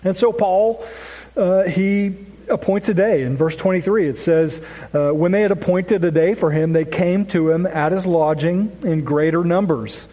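A man's voice: high-pitched, moderate pace, mellow. A man giving a casual Bible lesson, often asking "right?" and stumbling over repeated words. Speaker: Bible teacher. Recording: echoey hall with long reverb.

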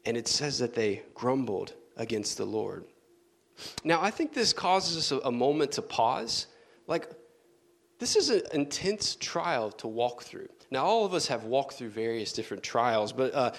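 A man preaching a sermon in an earnest manner, dropping to soft, low tones for emphasis. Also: sing-song, a little slow, gravelly.

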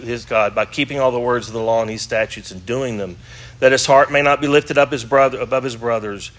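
A man teaching an adult Bible class at a moderate, middle pitch. He reads scripture passages aloud and keeps turning to the class with questions. He sounds middle-aged. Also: fairly bright tone. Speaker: Sunday school teacher.

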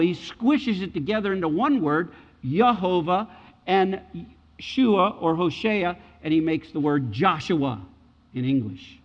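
A man's voice: high-pitched, big-room sound, lo-fi sound. A middle-aged man preaching a sermon, emphatic and repeating key phrases for weight. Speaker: pastor.

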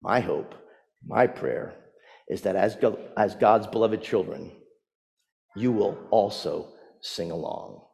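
A man's voice: on the low side, takes it slowly, gravelly, long pauses, a little mellow. A man, a pastor, preaching a sermon and telling stories with rising emphasis. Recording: long hall reverb.

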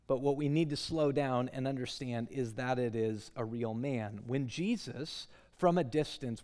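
Male preacher, fairly high voice, dramatic sermon, swings hushed to loud, long hall echo. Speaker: guest preacher. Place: church sanctuary.

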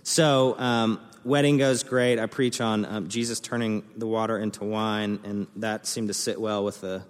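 A man's voice: fairly low pitch, normal speed. Young male pastor in a reverberant hall. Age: young adult. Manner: animated storytelling, acting out quoted voices. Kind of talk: sermon.

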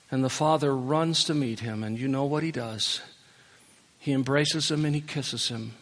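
Male pastor, mid-pitched, earnest pleading sermon delivery that swells to impassioned appeals and falls back soft, big reverberant worship hall. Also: fairly even intonation, moderate pace. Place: church worship center. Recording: long reverb of a large hall.

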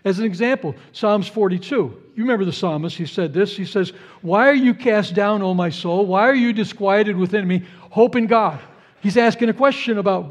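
A male pastor preaching a sermon, earnest, repeating key phrases and swinging from hushed to rising with feeling. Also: high-pitched.

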